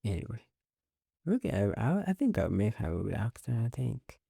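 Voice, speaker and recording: A man with a low, gravelly voice hosts a loose solo talk show at an unhurried pace. His tone is dark and mellow, and the sound is close and dry. He rambles, swears casually and laughs at his own jokes. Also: very animated, dry recording. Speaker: podcast host.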